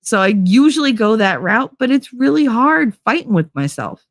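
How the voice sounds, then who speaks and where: A woman's voice: fairly high pitch, very animated, moderate pace, no echo, clean studio sound. A middle-aged woman talking candidly in a rambling podcast monologue, acting out quotes and laughing often. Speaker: podcast host. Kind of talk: casual monologue.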